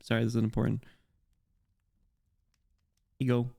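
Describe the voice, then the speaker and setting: A man's voice: medium pitch, brisk. A young man chatting casually with his chat while streaming a game, laughing often and reading messages aloud.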